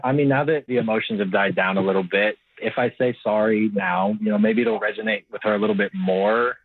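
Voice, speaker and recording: A man's voice: lowish voice, steady tone, fairly quick, no echo. A man calling in to a radio show, talking hesitantly with many ums and restarts. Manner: hesitant, stammering, full of ums. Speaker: caller. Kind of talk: phone call to a radio show. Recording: dry tinny phone line.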